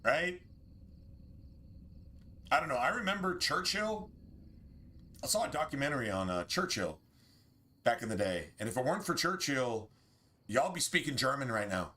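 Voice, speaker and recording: Bright-voiced, profane streamer. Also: male voice, medium pitch, very animated, normal speed, long pauses. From United States. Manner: rambling, profane, opinionated. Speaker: game streamer. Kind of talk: casual livestream chat.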